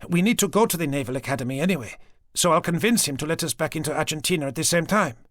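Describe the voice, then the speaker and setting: A male narrator voicing a sharp, persistent young woman police sergeant in an audiobook. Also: fairly high pitch, lively intonation, no room sound, studio quality, voice pushed up. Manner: quick, probing, persistent. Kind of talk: audiobook character voice. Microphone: close studio mic.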